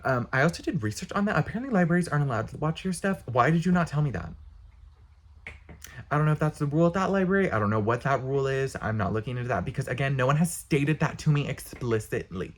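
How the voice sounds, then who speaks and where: A man's voice: medium pitch, animated. A young man ranting casually to camera, exasperated, blunt and profane. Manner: exasperated, blunt, profane, talks with quick bursts. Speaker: vlogger.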